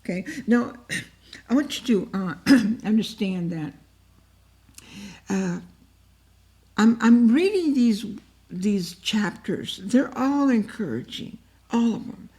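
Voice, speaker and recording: Mellow-voiced woman teaching the Bible. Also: mid-range voice, lively intonation, slow, pauses often. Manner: emotive and repetitive, often acts out cries to God.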